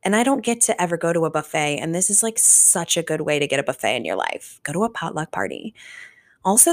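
Chatty, swearing woman, slightly low voice. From Richmond, Virginia area. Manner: chatty, swears freely, animated storytelling. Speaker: podcast host. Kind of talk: casual solo chat.

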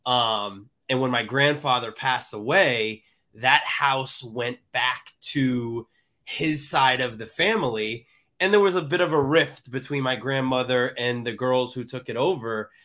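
Congested male co-host, bright timbre, relaxed storytelling. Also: medium pitch, measured pace. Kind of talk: casual chat.

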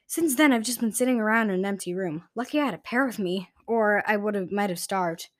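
A woman voicing a shy, soft-spoken boy. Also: medium pitch, brisk, close to an everyday voice. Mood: nervous, chatty. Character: shy, anxious, skinny young boy.

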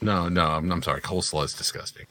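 A man's voice: sits low, fairly even intonation, quick pace, sharp tone. A man co-hosting a casual food chat, joking, swearing and laughing often. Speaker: podcast co-host.

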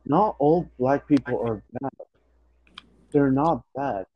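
A man's voice: mid-range voice, takes it slowly. Young man, blunt, dull lo-fi sound. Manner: blunt, swearing, restless. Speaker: podcast co-host. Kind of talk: casual chat. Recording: dull lo-fi recording.

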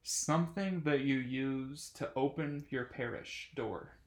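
A man's voice: mid-range voice, slow pace, roomy sound. A man guessing in a casual word game, joking dryly. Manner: dry joking.

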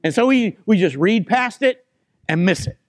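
A man's voice: sits high, animated, moderate pace, no room sound, studio quality. A man preaching a sermon as pastor, stressing key phrases by repeating them and putting questions to the congregation.

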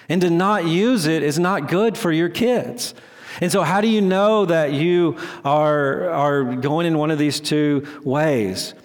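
A middle-aged male pastor delivering a sermon in a slightly higher-than-usual voice. He talks in a loose, conversational way and pokes fun at himself. His voice carries a long reverb from a large hall. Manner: conversational, self-deprecating, with frequent restarts.

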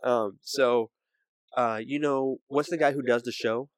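A man's voice: medium pitch, fairly even intonation, measured pace, no room sound. A young man co-hosting a podcast, telling a story in a casual, rambling way with many fillers. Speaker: podcast co-host.

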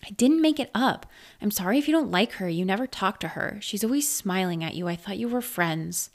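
A woman's voice: medium pitch, lively intonation, brisk, close to an everyday voice. A woman voicing an earnest, matter-of-fact young girl in a spoken story.

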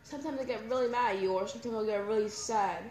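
A woman's voice: on the high side, quick pace, darkish tone. A young woman hosting her own podcast, talking candidly and emotionally in a rambling, casual way. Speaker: podcast host. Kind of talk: casual personal talk. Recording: echoey room with faint ambience.

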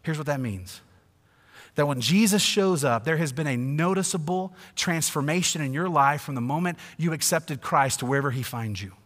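A man preaching a sermon, swinging from hushed asides to loud, emphatic passages. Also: fairly high pitch, lively intonation, normal speed. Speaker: pastor. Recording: long reverb of a church hall.

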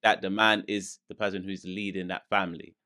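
A man's voice: low voice, flat delivery, fairly quick, pushed and bright, clean tone. A man co-hosting a casual podcast, giving firm opinions. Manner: firm, opinionated, frequent "mm" backchannels. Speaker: podcast co-host. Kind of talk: casual chat, opinion discussion.

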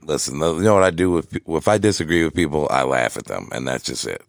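A man in a casual, profane podcast chat, laid-back and laughing often, with a gravelly voice. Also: very deep voice, fast, no echo, studio quality.

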